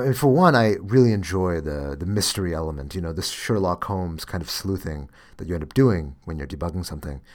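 A man's voice: sits low, a little mellow. A man hosting a podcast, reading a debugging story aloud and then musing with fillers and restarts. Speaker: podcast host.

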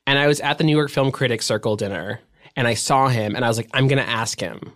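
A young man chatting as a podcast guest, circling his stories with endless "like"s and restarts. His voice sits at an ordinary middle pitch. The sound is close and dry, with no room around it. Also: fast talker, a bit bright, dry recording. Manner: rambling, filler-heavy storytelling with many "like"s. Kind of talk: casual chat.

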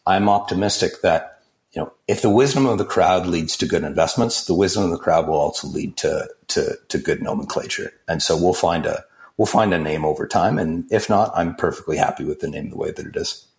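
Deep-voiced man answering with measured pauses. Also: creaky. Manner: measured, many fillers and restarts. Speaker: guest, crypto project founder. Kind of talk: interview answers.

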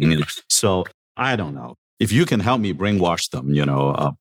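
Very deep-voiced good-humored man. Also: animated, normal speed. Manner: good-humored, self-deprecating, chuckles between remarks. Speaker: university president. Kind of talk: podcast interview. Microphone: podcast microphone.

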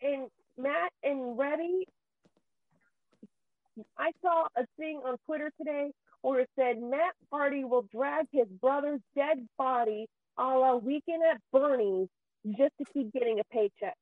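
A woman's voice: high voice, unhurried, dry recording. Woman, ranting with raw emotion and profanity, voice close to tears; dry and phone-thin. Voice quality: profane, heated, voice near tears. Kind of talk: angry emotional rant. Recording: tinny phone-like sound.

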